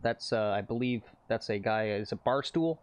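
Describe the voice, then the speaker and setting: A man's voice: lowish voice, moderate pace, smooth. A man hosting a casual golf livestream, rambling and reading viewer comments aloud. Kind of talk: casual live-stream chat. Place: outdoors on a golf course.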